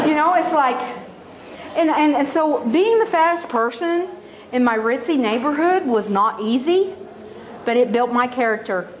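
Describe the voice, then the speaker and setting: Animated woman telling stand-up stories. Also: high-pitched, moderate pace, low-quality recording. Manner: animated, exaggerated voices for quotes. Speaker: stand-up comedian. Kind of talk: stand-up comedy storytelling.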